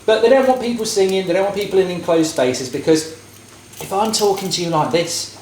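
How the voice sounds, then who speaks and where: A man's voice: sits high, brisk, a little mellow, echoey room, a little hiss or hum. A man in his thirties cooking and chatting casually, rambling through jokey, opinionated rants, recorded in a home kitchen with frying sizzling behind. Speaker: vlogger cooking on camera. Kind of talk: casual chat while cooking.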